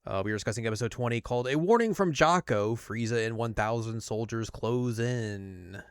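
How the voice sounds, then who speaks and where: Young male host, smooth and dry-sounding, chatty recap with jokey character voices. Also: medium pitch, normal speed, no room sound. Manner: retells scenes in goofy quoted voices. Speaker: podcast host. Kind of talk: casual recap chat.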